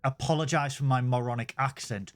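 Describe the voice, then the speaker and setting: A man's voice: mid-range voice, steady tone, fairly quick. A young man, co-hosting a podcast in casual chat, rambling with stumbling restarts and comic asides. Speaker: podcast co-host.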